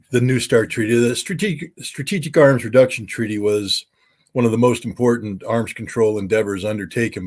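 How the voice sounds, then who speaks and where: Deep-voiced American man, halting and emphatic. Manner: emphatic, many fillers and restarts. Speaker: former weapons inspector guest. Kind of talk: interview commentary.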